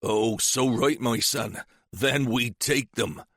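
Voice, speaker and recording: A man's voice: medium pitch, takes it slowly, a bit bright, dry recording, clean studio sound. A man voicing a shrewd, sly older police sergeant, teasing and relishing menace. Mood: eager.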